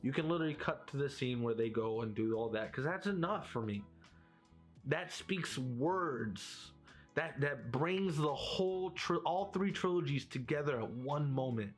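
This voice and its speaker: Brief: mid-pitched man, rambling casual chat, faint music under him. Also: a little slow. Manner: rambling and animated, full of filler words. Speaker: video creator.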